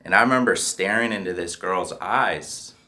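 Deep, bright-toned man telling his story. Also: moderate pace. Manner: candid and profane, keeps checking in with "right?". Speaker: speaker sharing a recovery story. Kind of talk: personal storytelling.

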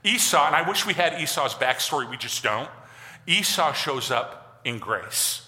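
A pastor giving a conversational, animated sermon, acting out quotes as he goes. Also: medium pitch, normal speed. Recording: long hall reverb.

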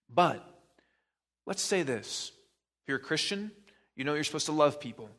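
Preaching as pastor, this man has a mid-range, slightly bright voice, animated and at normal speed. He pushes the listener with searching rhetorical questions and repeats points for emphasis.

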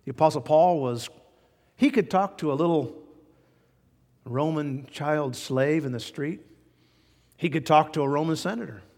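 A man preaching a sermon as pastor, folksy and animated, chuckling now and then at his own jokes. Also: a little high, measured pace, pauses often, long reverb tail.

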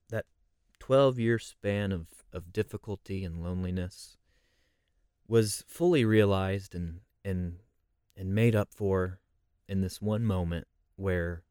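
A man's voice: deep voice, a little mellow, clean tone, no room sound, clean studio sound. A man leading a conversational Bible study, reflective and posing rhetorical questions.

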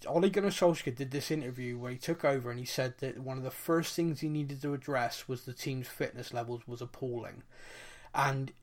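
A man from England hosting a football podcast and chatting casually. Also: mid-range voice. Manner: animated, quick asides. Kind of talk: casual chat.

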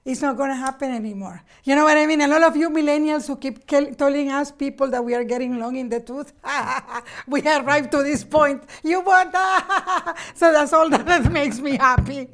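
A middle-aged woman comedian chatting as a guest, animated and rambling, with frequent laughter. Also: high-pitched, normal speed, hardly any pauses. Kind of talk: casual comedic chat.

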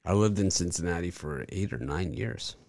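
A man hosting a sports betting show, chatting casually about baseball picks and telling stories with animated bursts that trail off low. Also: moderate pace, creaky, a little hiss or hum.

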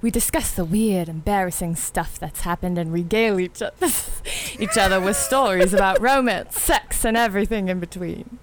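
A woman's voice: mid-range voice, moderate pace, few pauses, a little hiss or hum. A woman co-hosting a casual podcast, giggly and nervous, recorded in a bedroom. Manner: giggly, nervous, keeps breaking into laughter. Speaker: podcast co-host.

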